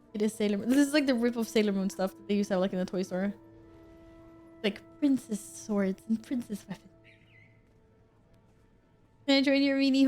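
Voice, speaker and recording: A woman's voice: fairly high pitch, darkish tone. A woman streamer chatting casually while she plays a game, reading out and answering her chat and laughing often.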